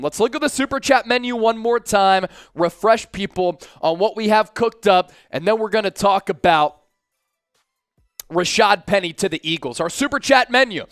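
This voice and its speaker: A man's voice: high voice, no room sound. A man in his thirties hosting a live sports stream from a studio, reading out viewers' chat messages with lots of energy. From Philadelphia area, USA. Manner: energetic, hyped, chanting with the chat.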